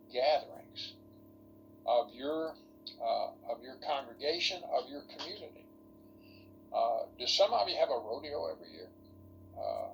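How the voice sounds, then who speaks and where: A man's voice: mid-range voice, creaky, a bit bright, a little hiss or hum, low-quality recording. A man lecturing ministry students in an online workshop over a video call, folksy and rambling, full of rhetorical questions.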